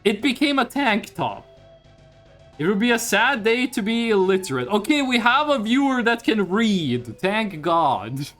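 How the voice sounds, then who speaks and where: A man on a live stream, talking in a raised, high register that swings up and down. He is hyped and swears freely as he reacts to viewers' chat. Faint music plays behind him. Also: animated, unhurried, a bit bright. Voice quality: voice pitched higher on stream.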